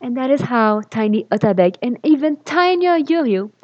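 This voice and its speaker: A woman's voice: on the high side, lively intonation, normal speed, darkish tone. A woman reading fan fiction aloud, stopping for sarcastic, sweary asides about the text. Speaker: reader. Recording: dull lo-fi recording.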